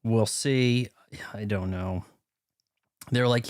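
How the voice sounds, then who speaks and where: A man's voice: medium pitch, a little slow, a little mellow. Rambling self-mocking male game streamer. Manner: rambling, self-deprecating, talks to chat. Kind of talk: casual live-stream chat.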